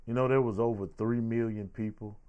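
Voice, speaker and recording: A man's voice: medium pitch, steady tone, a little fast, narrow, tinny audio. A man hosting a show, giving heated, sarcastic political commentary with a lot of repetition. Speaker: show host.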